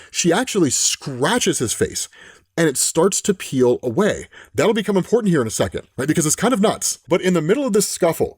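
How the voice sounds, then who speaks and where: A man's voice: a little high, a little mellow, husky, no echo, clean studio sound. A man retelling a comic book plot in a casual, chatty way, often tossing in "right?" and "literally". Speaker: comic book recap host. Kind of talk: casual storytelling recap.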